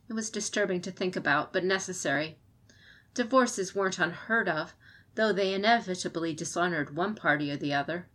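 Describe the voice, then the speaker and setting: Woman narrator, audiobook reading, steady storytelling pace, scripted narration. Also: lowish voice, a little fast.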